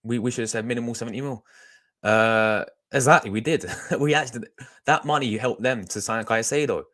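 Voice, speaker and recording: A man's voice: medium pitch, fairly quick, a bit bright. A young man, chatting casually to his live-stream audience as a fan channel host, rambling with lots of restarts. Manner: rambling, chatty, talks to chat, restarts a lot.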